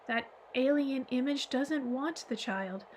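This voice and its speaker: A woman reading the part of a gentle, wise old man in an audiobook, explaining calmly and patiently. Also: sits high, slow, slight background noise, rough recording.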